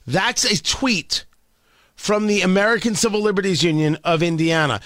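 A man's voice: high-pitched, normal speed, a bit bright, no room sound. A man hosting a radio talk show, delivering an emphatic, sarcastic opinion monologue and repeating phrases for effect. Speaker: radio host.

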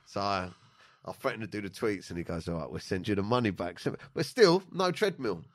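A man's voice: fairly low pitch, expressive, a little fast. A man, hosting a podcast and telling stories in casual chat. He swears constantly and acts out what other people said. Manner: swears a lot, acts out quotes in funny voices. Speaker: podcast host.

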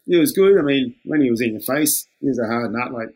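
Husky older Australian man yarning. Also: medium pitch, animated, quick pace, darkish tone. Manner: laid-back yarning, acts out quoted exchanges, chuckles often. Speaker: interviewee, former lifeguard. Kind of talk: casual storytelling.

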